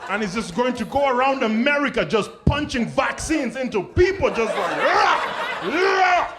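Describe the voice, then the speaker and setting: A man from Africa performing stand-up comedy, animated and acting out the people he describes. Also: very high voice, moderate pace, over loud music.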